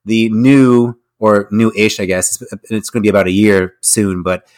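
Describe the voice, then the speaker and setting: A man's voice: lowish voice, fairly even intonation, moderate pace, a little mellow. A man co-hosting a podcast, reading out the news in a rambling, hedging way with many restarts. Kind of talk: casual podcast chat.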